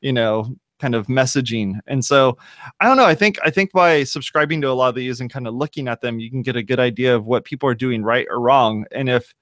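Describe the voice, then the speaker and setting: A man's voice: mid-range voice, brisk, fairly bright tone, dry recording, studio quality. A man co-hosting a casual web talk show, rambling and correcting himself as he thinks aloud. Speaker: podcast co-host. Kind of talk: casual chat.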